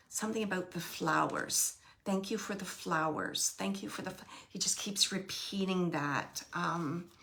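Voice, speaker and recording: A woman working as a medium, relaying a spirit's messages in soft, halting phrases that often drop to a whisper. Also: lowish voice. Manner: repeats phrases and pauses searching for words. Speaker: psychic medium. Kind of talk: channeling a spirit reading.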